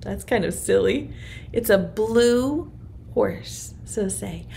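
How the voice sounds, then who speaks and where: A woman's voice: mid-range voice, animated, takes it slowly, gravelly, dark tone. A woman, a preschool teacher, leading an online circle time and reading a rhyming picture book to small children in a sing-song voice.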